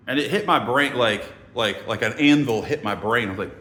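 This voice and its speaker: A middle-aged man telling a story in a bright, forceful voice. He is lively and profane and acts out the other people's lines. The room is echoey. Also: mid-range voice, fairly quick, few pauses. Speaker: sales trainer telling a story. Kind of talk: casual storytelling.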